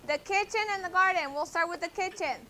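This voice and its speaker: A woman's voice: very high-pitched, fairly quick, bright, forceful tone, a little hiss or hum. A woman teaching a classroom vocabulary lesson, patiently drilling words and correcting pronunciation. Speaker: Spanish teacher.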